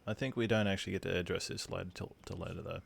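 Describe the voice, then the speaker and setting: A man's voice: deep voice, steady tone, very fast, gravelly, a little hiss or hum. A young Australian man casually commenting on a game on stream and thanking viewers as he plays.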